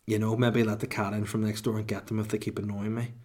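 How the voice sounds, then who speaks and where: A man's voice: on the low side, flat delivery, quick pace, a little mellow. Rambling, irreverent podcast man. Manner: rambling, irreverent, sweary asides. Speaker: podcast host and comedian. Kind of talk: comedic solo podcast monologue.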